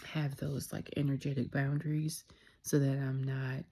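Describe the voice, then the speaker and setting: A young woman reflects openly in a personal vlog, her voice low and dark with a gravelly edge. She speaks softly and candidly, slipping into near-whispers at times. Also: level tone, normal speed. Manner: soft-spoken, candid, drops into whispers. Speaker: vlogger.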